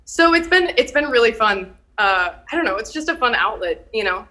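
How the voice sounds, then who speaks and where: A woman's voice: a little high, expressive, fairly quick, pushed and bright, low-quality recording. A woman from Minnesota with a Minnesotan accent, chatting as a guest and laughing easily. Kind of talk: casual chat.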